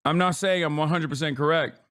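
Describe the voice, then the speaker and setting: A man's voice: fairly high pitch, brisk, fairly bright tone. A man in his thirties giving sarcastic, combative stream commentary and swearing often.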